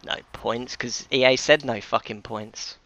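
A man's voice: mid-range voice, fairly even intonation, unhurried. Man commentating a football game. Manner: frustrated, swears often, shouts at players. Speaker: gaming commentator. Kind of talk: live gameplay commentary.

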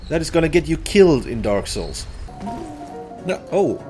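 A man's voice: a little high, very animated, moderate pace, music in the background. A man hosting a gameplay video, commenting sarcastically with jokey exclamations and laughs. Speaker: let's play host.

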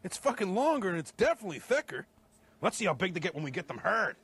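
An actor voicing a dim-witted, foul-mouthed man in an animated comedy who talks crudely and excitably. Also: high voice, fast, husky, full character voice. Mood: giddy. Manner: crude, blustery. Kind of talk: animated series dialogue.

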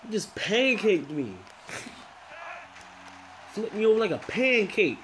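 A young man commentates on his own game in frustration, his fairly high voice leaping all over the place. He drops into low grumbles, then bursts out in exasperated, swearing complaints, with a faint hiss of noise behind him. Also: big pitch swings, slow pace, fairly bright tone. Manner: swings between muttering and exasperated outbursts, swears a lot. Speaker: gaming commentator.

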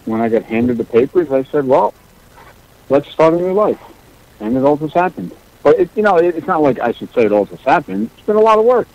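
A man's voice: on the high side, sing-song, fast talker, few pauses, muffled recording. A middle-aged man, a guest on a radio talk show, answering in a laid-back way with short, plain replies. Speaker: guest, entrepreneur. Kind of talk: radio interview.

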